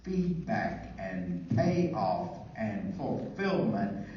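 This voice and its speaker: A man's voice: fairly low pitch, very animated, very slow. A man speaking to pastors as a church leader. He tells folksy stories with dry humor and acts out both sides of the dialogue. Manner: folksy storyteller acting out dialogue. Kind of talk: conference talk with anecdotes. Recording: echoey hall, distant mic, dull and noisy.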